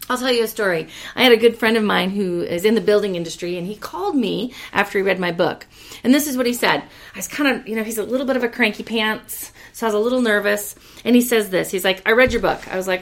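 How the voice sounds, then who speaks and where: A woman hosting a motivational business talk, energetic and emphatic, repeating phrases for emphasis, casual with mild swearing. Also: mid-range voice, fairly quick. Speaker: podcast host and business leader.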